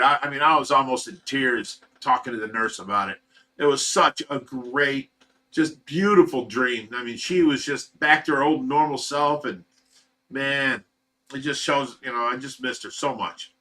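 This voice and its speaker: A man's voice: mid-range voice, sharp tone. A man hosting a livestream, giving an earnest, emotional personal update in a rambling, casual way. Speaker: livestream host of a fish rescue.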